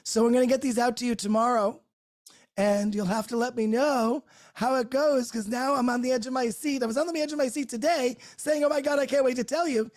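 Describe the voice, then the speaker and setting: A woman's voice: fairly high pitch, steady tone, brisk, darkish tone. A woman hosting a live group call from her home, talking in an effusive, unscripted way, laughing often and restarting her words. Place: her own home, great room by a Christmas tree.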